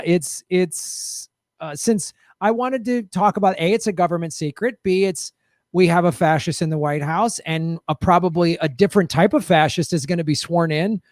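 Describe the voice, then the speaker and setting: A man with an American accent speaks in a high voice, reading out a grim list with sarcastic, mock-cheerful delivery. His voice sounds dry and close, with no room around it. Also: moderate pace, no echo. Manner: sarcastic, reads article aloud with mock cheer. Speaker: podcast co-host. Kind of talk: sarcastic political chat.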